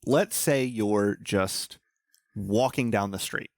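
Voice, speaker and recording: Profane, animated man telling a story. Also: fairly low pitch, slow pace, dry recording, clean studio sound. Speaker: podcast co-host. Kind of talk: casual chat.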